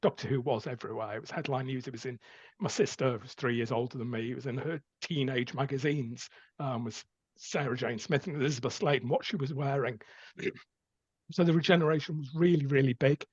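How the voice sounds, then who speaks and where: A man's voice: medium pitch, steady tone, brisk, darkish tone, no room sound. A man hosting a podcast, explaining his reasons in an earnest, step-by-step way during casual chat. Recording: dull, dry, husky home mic audio.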